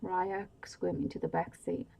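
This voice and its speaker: A woman reading a novel aloud in a soft-spoken ASMR bedtime style, slow and hushed. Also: fairly low pitch, flat delivery, gravelly, a little hiss or hum, low-quality recording. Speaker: storyteller.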